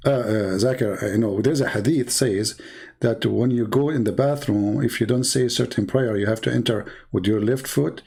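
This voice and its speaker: A man questions a guest in a comedy skit, hesitant and playing innocent. His voice sits low and he stumbles over fillers before each point. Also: normal speed, creaky, darkish tone, husky, poor audio. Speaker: host. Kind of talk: comedic skit, mock interview.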